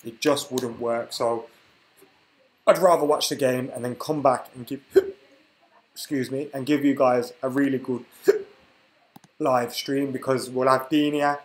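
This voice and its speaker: A man's voice: mid-range voice, fairly even intonation, slow, long pauses, echoey room, poor audio. A young man hosting a football live stream, chatting casually and reading out viewer comments while he has the hiccups. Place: room at home.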